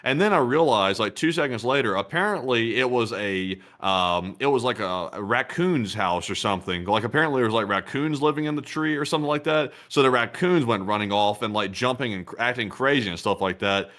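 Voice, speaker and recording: A man co-hosting a casual live stream, relaxed and rambling as he reads supporter messages and tells stories. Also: medium pitch, a little fast, hardly any pauses. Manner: relaxed and rambling, heavy on fillers like "like". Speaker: co-host.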